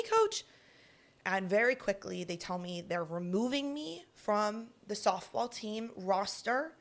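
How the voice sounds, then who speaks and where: A young woman co-hosting a podcast, telling a personal story casually and acting out the voices she quotes. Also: mid-range voice. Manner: animated, acts out quoted lines. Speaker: podcast co-host.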